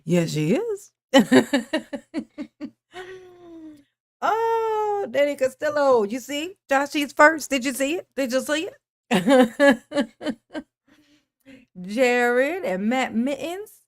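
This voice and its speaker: A woman's voice: high voice, sing-song, very slow, long pauses. A woman hosting a casual livestream, greeting her viewers one by one with pet names, calling herself Mama, and laughing often. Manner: calls herself Mama in the third person. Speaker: livestream host. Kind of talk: casual live-stream chat greeting viewers.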